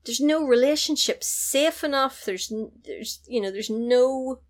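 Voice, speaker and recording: A woman in casual chat, retelling a film's plot with animated storytelling and quick character impressions. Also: high voice. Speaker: podcast co-host recapping a film.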